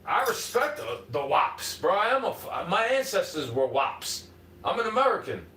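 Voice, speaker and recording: A man with a New York accent rants profanely and combatively into a distant mic. His voice rides high with wide, restless swings of pitch. The room echoes around him, with a faint hum of ambience underneath. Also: very animated, normal speed. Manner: combative, swearing, jumps between muttering and shouting. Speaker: livestreamer. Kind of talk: profane ranting monologue.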